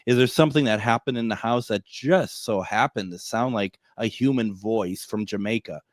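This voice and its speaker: A man's voice: fairly low pitch, moderate pace, no room sound, clean studio sound. A man hosting a casual radio talk show, chatty and laughing often.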